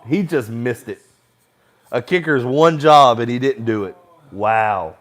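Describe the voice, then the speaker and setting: A young man hosting a casual live sports chat, rambling between opinions and reacting loudly to plays as he watches. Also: medium pitch, measured pace. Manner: rambling, excitable, shouts and laughs at plays. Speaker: sports show host.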